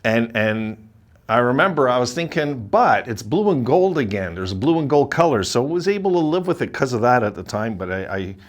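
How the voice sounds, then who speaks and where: A man talks straight to his viewers in a loose, rambling rant about hockey jerseys. His voice sits at a middle pitch but swings widely up and down, jumping high when he mocks others and dropping low for his complaints. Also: sing-song, moderate pace. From Buffalo area, Sabres fan. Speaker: hockey video host. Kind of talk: casual opinion monologue.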